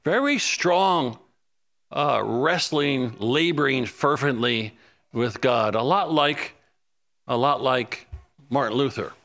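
A man preaching a sermon, fervent, rising to urgent pleading when he quotes prayers and dropping low and soft when he lists needs. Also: slow pace.

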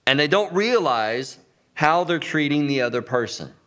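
A man giving an instructional talk, lively, acting out sample lines of dialogue as he explains. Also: a little high, moderate pace. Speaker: teacher.

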